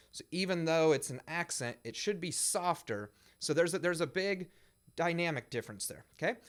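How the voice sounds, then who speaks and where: A man's voice: fairly high pitch, fairly bright tone. Man, percussion teacher, midwestern american accent, counts and scats rhythms, instructional demo. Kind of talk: instructional demonstration.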